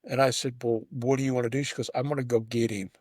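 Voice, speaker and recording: Male host, rambling conversational storyteller, stammers and restarts, mid-pitched, dry close sound. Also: level tone, fast, a little mellow, breathy edge, no room sound. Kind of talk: casual conversation.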